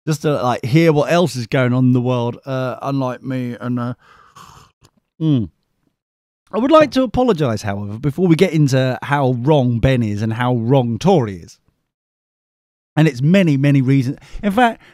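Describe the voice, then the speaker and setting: A man's voice: mid-range voice, a little mellow, dry recording, studio quality. A tired man, hosting a live podcast in a rambling, scatterbrained, self-mocking way. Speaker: podcast host. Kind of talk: rambling live-show chat.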